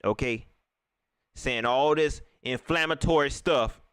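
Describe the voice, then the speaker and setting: A man hosting a live reaction stream, ranting in an animated way and talking straight to his viewers. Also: medium pitch, takes it slowly, smooth, dry recording, studio quality.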